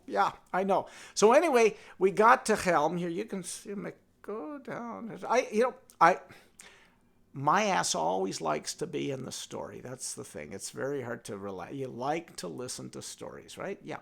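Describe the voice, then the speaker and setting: An older man tells a village folktale at a normal speed in a high, gravelly voice whose pitch jumps all over the place. As a storyteller, he's playful and animated, sharing the tale as if with a friend and talking to his donkey puppet.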